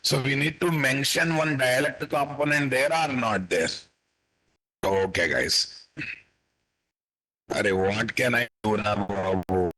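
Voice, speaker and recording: A man with an Indian English accent teaching a live coding class, slowly dictating code and repeating questions to his students before answering them himself. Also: mid-range voice, fairly even intonation, bright, forceful tone, rough recording. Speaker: programming instructor.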